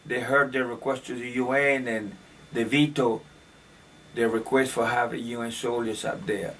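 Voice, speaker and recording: This male commentator speaks at normal speed with a medium pitch and a level, fairly bright tone, rambling opinionatedly about current events and restarting sentences with fillers. He is off-mic, recorded from a distance with faint room ambience.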